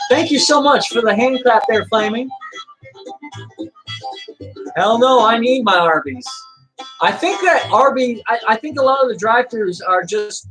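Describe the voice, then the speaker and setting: A man's voice: extremely high pitch, poor audio. A man hosting a livestream in an earnest, lecturing way, reading viewer comments and answering them by name. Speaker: livestream host.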